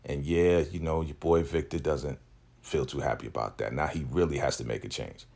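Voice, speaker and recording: Guy with a real low voice recapping a tv episode, laid-back and slangy. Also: normal speed, gravelly, a little mellow. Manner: laid-back and slangy, acts out characters' lines. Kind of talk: casual spoken recap commentary.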